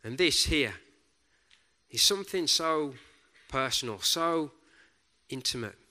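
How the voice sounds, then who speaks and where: Guy preaching real slow, bright sharp tone, goes quiet n soft on the big words. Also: on the high side, lively intonation. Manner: slow, deliberate, dropping to a soft hush on key words. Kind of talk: sermon.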